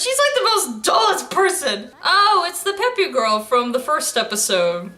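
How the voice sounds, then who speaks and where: Speaking slowly with big pitch swings, this young adult woman has a slightly high, bright, forceful voice. As an anime reaction YouTuber, she gives giggly, rambling, casual commentary, often laughing and making jokes about what she's watching.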